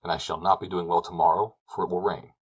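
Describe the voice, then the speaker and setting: A man's voice: low-pitched, little pitch movement, fast, husky. A man voicing a blunt, plain-spoken mountain shepherd in a storybook reading, skeptical and down to earth.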